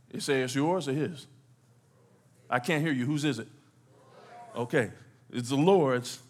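Preaching man, rousing the congregation. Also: a little high. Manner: call-and-response preaching, asks the congregation questions. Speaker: pastor. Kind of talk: sermon. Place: church sanctuary.

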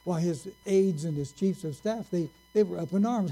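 A man preaching a sermon, telling a story slowly and earnestly and drawing out his key words. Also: high-pitched, warm tone, soft background music, rough recording.

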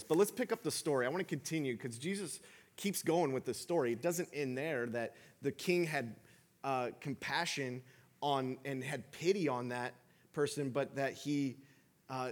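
A man in his thirties, a father, preaching a sermon in a conversational storytelling way with frequent restarts. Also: medium pitch. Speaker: pastor.

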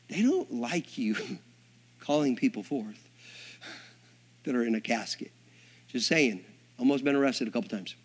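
A man preaching, a minister telling a story with acted-out dialogue and big swings from hushed asides to shouting. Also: mid-range voice, animated, takes it slowly, pauses often. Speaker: Assembly of God minister. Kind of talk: storytelling sermon.

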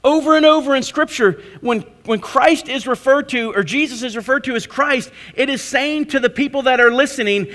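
A man preaching a sermon, questioning his listeners and answering himself, with swings between loud emphasis and hushed intensity. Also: very high voice, normal speed, few pauses. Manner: asks the congregation questions and answers them himself. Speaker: pastor.

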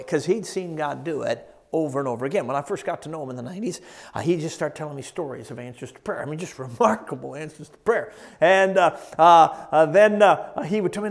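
A man preaching a sermon, telling stories with animated quotes and frequent laughter before teaching. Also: a little high, a little fast, gravelly.

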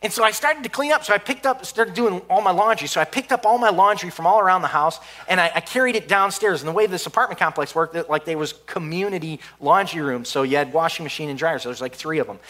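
A man telling a funny personal story in an animated, excitable way, often stumbling and restarting. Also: high-pitched, fast, hardly any pauses.

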